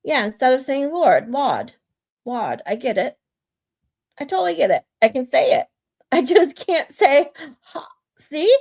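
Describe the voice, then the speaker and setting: A woman's voice: high voice, animated, gravelly, darkish tone. A woman hosting a casual livestream, musing aloud and trying out words for her viewers. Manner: musing aloud, slow, playful word practice. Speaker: streamer host.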